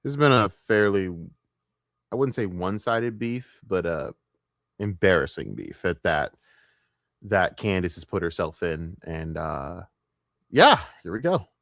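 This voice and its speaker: A man's voice: deep voice, sing-song, a little slow, vocal fry, a bit bright, dry recording, clean studio sound. A man hosting a casual live stream, reacting to clips with crude, sarcastic, rambling talk.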